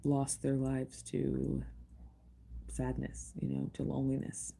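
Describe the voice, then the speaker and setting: A woman with a low voice hosts a casual livestream. She talks in a rambling, emotional way and often restarts her sentences. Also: completely flat delivery, slow pace, vocal fry, dark tone, slight background noise. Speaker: livestream host and tarot reader.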